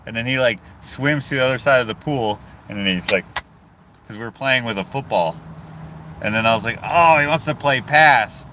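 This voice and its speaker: A man's voice: mid-range voice, brisk, sharp tone, slight background noise. A man from Canada chats casually in a car to his phone and reads viewer comments, rambling and cutting himself off. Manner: rambling, chatty, self-interrupting. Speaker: vlogger. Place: inside a car.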